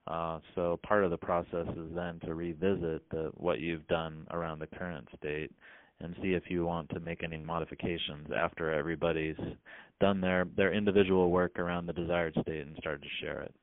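Deep, flat-voiced author on a phone line. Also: male voice, dry recording. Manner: measured, explains step by step. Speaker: author and guest. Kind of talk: explanatory interview answers.

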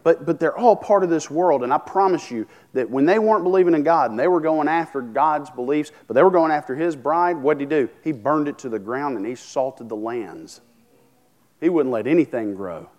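A man's voice: on the high side, lively intonation, fairly quick, a little mellow, highs cut off. Man preaching a conversational sermon. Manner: conversational preaching, asks the congregation questions, many restarts. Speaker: pastor.

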